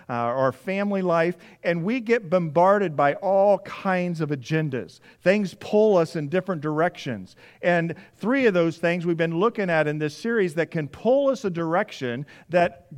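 High-voiced man preaching a conversational sermon. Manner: conversational preaching with repeated phrases and playful acted-out asides. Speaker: pastor. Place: church sanctuary.

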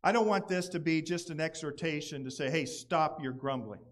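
A man with a high, light voice preaching a sermon to a congregation. He talks in an animated way and stays conversational, breaking now and then into playful quoted voices. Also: normal speed. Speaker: pastor. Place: church gathering outdoors.

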